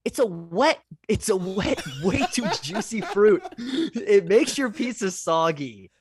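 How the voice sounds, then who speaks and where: A man's voice: sits high, animated, takes it slowly, crowd noise. A man co-hosting a podcast, arguing a playful mock debate with exaggerated indignation and theatrical outbursts. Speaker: podcast co-host.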